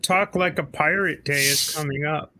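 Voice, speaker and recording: A man's voice: on the high side, moderate pace, sharp tone, slight background noise. A man chatting in a casual group conversation on a video call, friendly and talkative. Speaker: guest.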